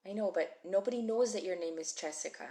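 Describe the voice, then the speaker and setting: A woman's voice: medium pitch, fast, warm tone. A woman teaching a live-streamed Hebrew reading class, chatty and encouraging as she calls out viewers by name. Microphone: phone mic.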